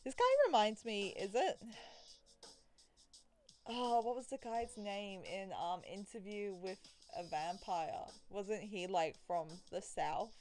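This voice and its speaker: A woman's voice: medium pitch, slow, a little mellow, faint music behind. A woman playing through a visual novel, reading the story aloud and breaking off into chatty, rambling asides with giggles. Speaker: let's play gamer.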